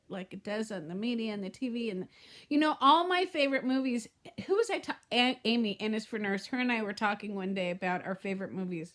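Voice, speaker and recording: A middle-aged woman vlogging to camera in a heartfelt, rambling way that often trails off and restarts. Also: high voice. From Southern California. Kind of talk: casual talk to camera.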